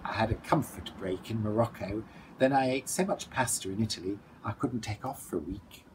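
A man's voice: fairly low pitch, brisk, a little mellow, a little hiss or hum, lightly acted, poor audio. A man voicing a polite, weary male cuckoo bird in a storybook reading, with a courteous, genteel and sleepy manner.

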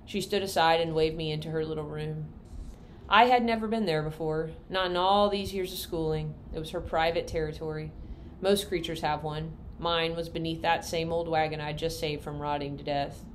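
A woman reading a novel aloud in a folksy, unhurried storytelling manner. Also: deep voice, steady tone, slight background noise. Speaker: reader.

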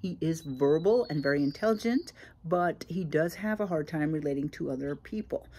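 A woman's voice: sits low, lively intonation, normal speed, darkish tone, breathy edge. A woman in her sixties, hosting her own channel, telling a personal story in a plainspoken, reflective way with frequent fillers. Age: 60s. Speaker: channel host.

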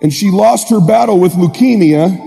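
A man with a fairly high yet mellow, warm voice delivers a motivational speech to a crowd. He tells his story with animated, emphatic energy. Faint music plays underneath. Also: normal speed, vocal fry. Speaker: motivational speaker. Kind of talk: motivational speech to a live audience.

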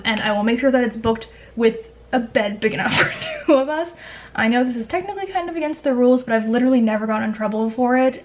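A young woman from Canada talks fast and chattily to camera, tumbling through asides and fillers as she shares budget travel tips. Her voice sits a little high. The recording sounds a touch dull and muffled. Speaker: travel vlogger. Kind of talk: casual chat to camera.

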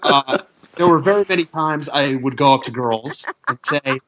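A man co-hosting a casual chat, joking in a deadpan way with slow, halting delivery. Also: medium pitch, a loud crowd. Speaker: co-host.

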